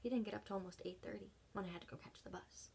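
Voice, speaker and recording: A woman vlogger telling her own story unscripted, halting and emotional, often dropping to a soft breathy voice between pauses. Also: medium pitch, steady tone.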